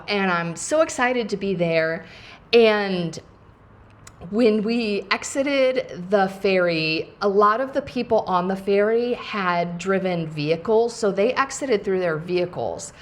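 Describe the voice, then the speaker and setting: A woman's voice: mid-range voice, expressive, measured pace. A woman podcast host telling a travel story in a casual, chatty way, full of fillers and quoted lines.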